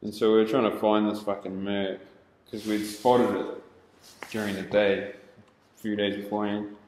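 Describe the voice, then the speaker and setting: A man's voice: fairly low pitch, little pitch movement, moderate pace, darkish tone, a little hiss or hum. A young man casually telling stories, laid-back and swearing constantly. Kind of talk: casual storytelling. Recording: roomy echo.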